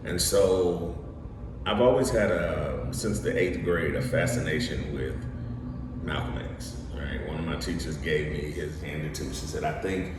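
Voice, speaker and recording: Brief: young male actor, low voice, lively storyteller, distant mic with background noise. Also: measured pace, very echoey. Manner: lively storyteller, acts out quotes. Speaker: guest, actor and studio co-founder. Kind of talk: animated storytelling interview.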